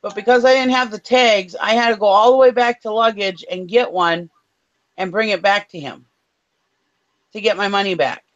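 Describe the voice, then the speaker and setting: A woman's voice: medium pitch, steady tone, moderate pace, lo-fi sound. A woman co-hosting a casual show, telling an angry story with blunt swearing. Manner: fired-up storytelling, swears freely. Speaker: co-host. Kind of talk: casual chat.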